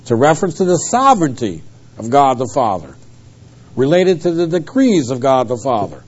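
A man's voice: medium pitch, sing-song, moderate pace, slightly rough, muffled recording. A man preaching an expository sermon, emphatically working through Greek grammar word by word. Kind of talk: expository Bible teaching sermon.

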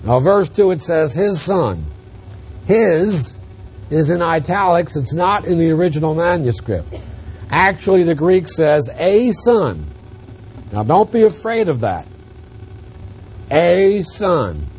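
A man preaching an expository Bible lesson, emphatic, rising on stressed words and dropping quiet on asides. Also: a little high, lively intonation, a little slow, dull audio, slight background noise. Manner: emphatic, swings from loud stresses to quiet drops.

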